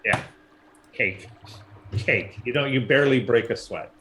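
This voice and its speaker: A man narrating a tabletop game as dungeon master, relaxed and laughing often. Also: medium pitch, fast talker, slight background noise.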